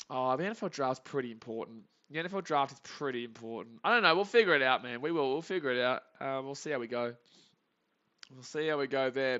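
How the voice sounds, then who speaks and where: A man hosting a live game reaction stream, chatty and prone to excited shouts. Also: medium pitch, highs cut off. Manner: chatty, reads chat, bursts into excited shouts.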